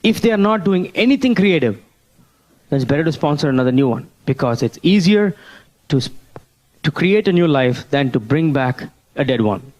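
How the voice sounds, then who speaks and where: A man's voice: fairly high pitch, expressive, normal speed, a little mellow. A man giving a motivational seminar talk, telling stories and often asking the audience questions. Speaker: motivational speaker at a business seminar.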